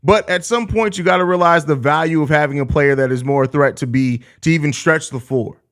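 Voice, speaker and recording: Young man, high voice, live-stream host, profane trash talk, repeats himself, laughs a lot. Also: fairly quick, fairly bright tone. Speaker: host of a live postgame show. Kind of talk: casual live-stream chat, reading viewer comments.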